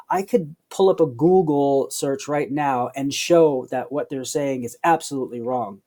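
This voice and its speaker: A man's voice: medium pitch, mellow. A man, a psychologist guest on a podcast, explaining his views in a thoughtful, reflective way. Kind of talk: conversational interview.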